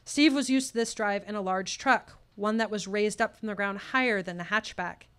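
Bright, crisp woman telling a true story. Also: medium pitch, normal speed. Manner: personal story told with tense quoted dialogue. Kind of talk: live storytelling performance. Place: live showcase venue.

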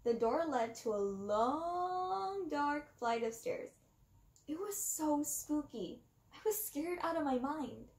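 A woman reading a children's book aloud, with expressive, dramatic pauses. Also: high-pitched. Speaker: reader. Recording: roomy echo.

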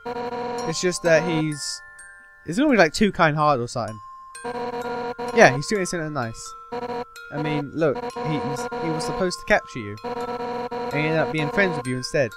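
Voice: medium pitch, sing-song, moderate pace, pauses often, close to an everyday voice. A gamer reading aloud a fierce, hot-headed fish warrior woman from a game, over game music. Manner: reads game text aloud in a plain voice. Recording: game music playing behind.

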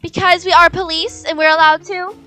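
Brief: high-voiced woman gamer, bright tone, excitable and playfully indignant commentary. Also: a little fast, faint music behind. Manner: excitable, gasps and playful mock outrage. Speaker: gaming channel host. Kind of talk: excited Let's Play commentary.

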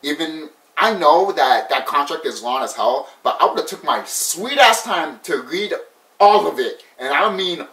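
A man's voice: a little high, expressive, moderate pace, few pauses, pushed and bright. A man giving a casual, rambling movie review, swearing often and laughing a lot. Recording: roomy sound from a distant mic.

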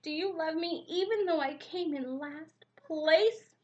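Woman reading a little storybook chick, high and pleading, eager to be loved. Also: a little slow, a little mellow, highs cut off. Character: small eager male chick, anxious for love.

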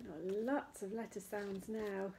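A woman teaching small children their letter sounds in a slow, sing-song, encouraging way. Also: mid-range voice, fairly even intonation, gravelly, mellow, a little hiss or hum. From England. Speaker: nursery teacher. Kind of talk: children's phonics lesson.

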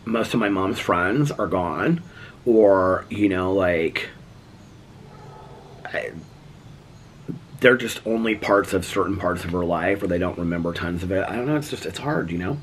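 A middle-aged man from the United States vlogging about personal loss, speaking haltingly with many fillers and close to tears. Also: deep voice, a little hiss or hum. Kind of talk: emotional personal vlog talk.

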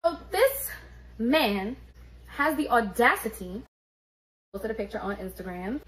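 A woman, telling a story on her vlog in an animated, profane, streetwise way. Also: on the high side, measured pace, pauses often, low-quality recording. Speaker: beauty vlogger.

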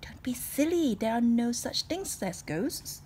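A woman voicing a matter-of-fact doctor in a breathy, half-whispered voice. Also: sits high, very animated, measured pace, mellow, slight background noise, pitched above the performer's own voice.

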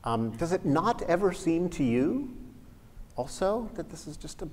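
A man voicing a skeptical male humanist in a spoken joke, talking haltingly and candidly in a reverberant hall. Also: on the high side, very animated, a little mellow, pitched above the performer's own voice. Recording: reverberant lecture hall, faint ambience.

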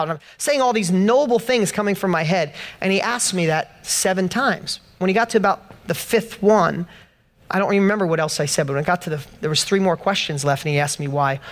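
High-pitched, passionate male motivational speaker. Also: a bit bright. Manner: passionate personal storytelling, rising to emphatic peaks. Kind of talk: motivational speech to a live audience. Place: event hall stage.

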